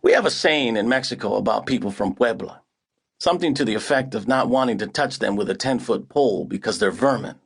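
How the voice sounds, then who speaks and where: A man's voice: fairly low pitch, expressive, fairly quick, gravelly, slightly rough. A man narrating an audiobook in the first person, with a wry, hard-boiled delivery.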